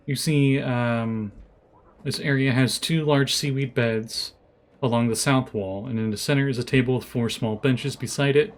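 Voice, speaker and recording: A man narrating as game master for a tabletop game, describing rooms with relaxed fillers. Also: medium pitch, normal speed.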